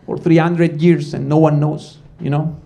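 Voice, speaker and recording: A man from Ticino, Switzerland, works a live comedy audience, rambling, interrupting himself mid-sentence, and calling them "guys." His voice is on the high side, with a flat delivery at a moderate pace and a creaky, dark tone.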